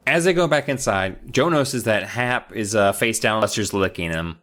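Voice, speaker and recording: Animated man reading aloud with comic flair. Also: on the low side, normal speed. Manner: animated, joking, reads aloud with voices. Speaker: podcast co-host. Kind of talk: comedic story recap and read-aloud.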